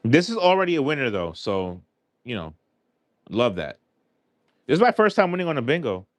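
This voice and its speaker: A man's voice: mid-range voice, very animated, normal speed, dry recording. A man hosting a live stream, chatting casually and earnestly with lots of fillers while scratching lottery tickets. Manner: rambling, heartfelt, filler-heavy.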